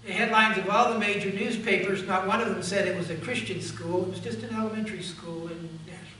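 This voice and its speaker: A man's voice: high voice, fairly even intonation, quick pace, sharp tone, a little hiss or hum. A male pastor preaching a sermon emphatically and addressing the congregation directly, recorded in a church sanctuary from a distance. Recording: echoey church from far off.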